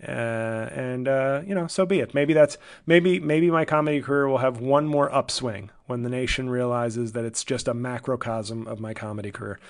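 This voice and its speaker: A man hosts a comedy podcast on his own, rambling through updates in a dry, sardonic and self-deprecating way. His voice sits at a mid pitch. He swears casually and drifts from thought to thought. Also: normal speed, few pauses. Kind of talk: solo casual monologue.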